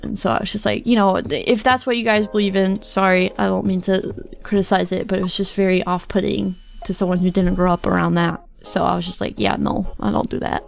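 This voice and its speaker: A woman's voice: mid-range voice, flat delivery, brisk, gravelly, faint music behind. A woman streamer telling a long personal story in casual chat, chatty, quoting others and laughing often. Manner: chatty, tells stories with quoted asides, laughs often.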